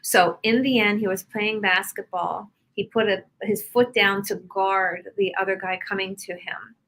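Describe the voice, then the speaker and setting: A woman guest on an interview show, a healer, talking casually and telling stories about her clients with lively examples. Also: mid-range voice, a little slow, poor audio. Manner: animated storyteller, explains with examples.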